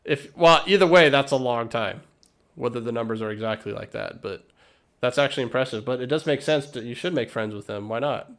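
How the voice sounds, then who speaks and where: A man's voice: mid-range voice, a little fast, fairly bright tone. A man co-hosting a podcast, chatting in a laid-back, rambling way. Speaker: podcast co-host. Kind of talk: casual chat.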